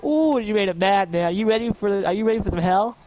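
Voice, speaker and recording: Excitable, swearing man running a game. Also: high voice, fast talker, dull audio, slight background noise. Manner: excitable, profane storytelling with sound effects. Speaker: game master. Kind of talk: narrating a tabletop game.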